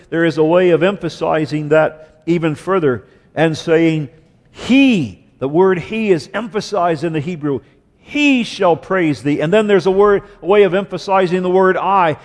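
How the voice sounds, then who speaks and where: Emphatic preacher man in a reverberant hall. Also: a little mellow. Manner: emphatic, swings from raised urgent passages to low slow stresses. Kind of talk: sermon.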